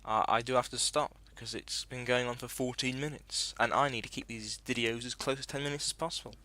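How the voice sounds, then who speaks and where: Very bright-voiced man rambling over gameplay. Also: mid-range voice, fairly even intonation, fairly quick, no room sound. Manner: rambling, chatty, sweary, self-correcting. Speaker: gaming video host. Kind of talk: casual gameplay commentary.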